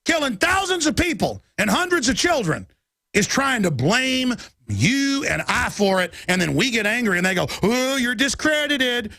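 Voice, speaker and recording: Middle-aged man, radio host, heated monologue, bright tone, dry close sound. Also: high-pitched, very animated, moderate pace, creaky, no echo. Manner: ranting, mimics opponents in mocking voices. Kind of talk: fiery political monologue.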